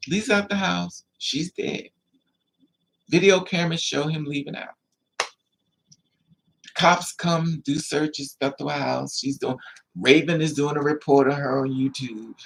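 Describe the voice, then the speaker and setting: Gravelly man telling an animated story. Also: on the high side, unhurried, long pauses. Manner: animated, acts out other people's lines; repetitive, emphatic. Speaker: vlogger. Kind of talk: storytelling monologue.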